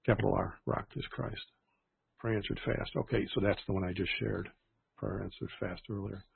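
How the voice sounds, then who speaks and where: Man, church stream host, rambling chat, gravelly voice, tinny phone-like sound. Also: lowish voice, steady tone, normal speed, no echo. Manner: rambling, with frequent restarts. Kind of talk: casual livestream chat.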